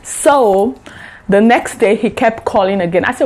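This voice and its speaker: A woman's voice: on the high side, measured pace, darkish tone. A woman vlogger animatedly retelling a story in storytime style, swearing freely. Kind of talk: storytime vlog.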